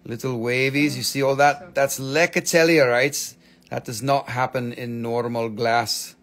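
A man's voice: medium pitch, fairly even intonation, unhurried, a bit bright. A man selling stones on a live shop stream, in joking patter with playful broken English. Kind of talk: live sales pitch.

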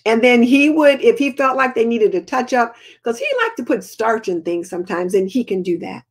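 A woman's voice: a little high, normal speed. An older woman, chatting casually as host of a live homemaking Q&A and answering viewer comments.

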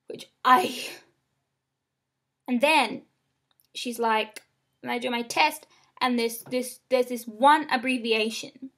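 Young adult woman, slightly high voice, upset and candid vlog vent with frequent swearing, close-up room sound. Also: steady tone, slow, pauses often, sharp tone. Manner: upset, rambling and frank, swears often. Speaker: vlogger. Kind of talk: casual venting to camera. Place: small room indoors.

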